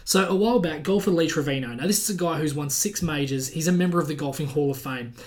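A man's voice: on the high side, fast, a little mellow. A man co-hosting a casual sports podcast, telling stories animatedly and laughing as he goes. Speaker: podcast co-host.

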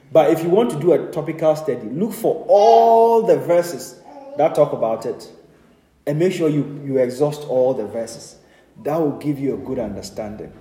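A man's voice: on the high side, mellow, roomy sound, poor audio. A man, a pastor, teaching a Bible study, earnest and direct, with frequent amens and light laughs.

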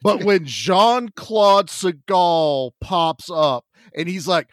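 A man's voice: high voice, slow pace, no room sound, clean studio sound. A man co-hosting a podcast, retelling movie scenes with swearing and acted-out lines in casual chat. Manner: animated storyteller, acts out scenes, swears freely. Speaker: podcast co-host.

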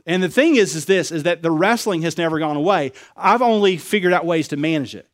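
A man preaching a sermon, confessional and personal, acting out conversations, swinging between loud excited bursts and quiet low remarks. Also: fairly quick. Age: adult, married with young children. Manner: acts out dialogue in quoted voices. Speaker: pastor.

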